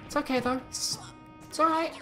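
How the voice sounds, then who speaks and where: A young man giving animated let's-play commentary, exclaiming and swinging between excitement and exasperation. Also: extremely high pitch, normal speed. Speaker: gaming YouTuber. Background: game music.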